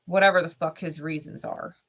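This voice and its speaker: Bright-voiced woman telling a blunt, profane story. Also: deep voice, steady tone, a little fast. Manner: blunt and heavily profane, emphatic; heated, intense retelling. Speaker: spiritual content creator. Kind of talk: candid personal storytelling.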